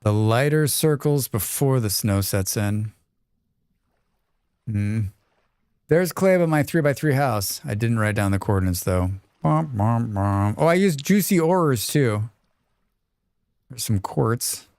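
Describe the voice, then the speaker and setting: A man's voice: medium pitch, animated, slow, pauses often, a little mellow, clean tone, no echo, clean studio sound. A man streaming a survival game, chatting casually and rambling while reading chat aloud.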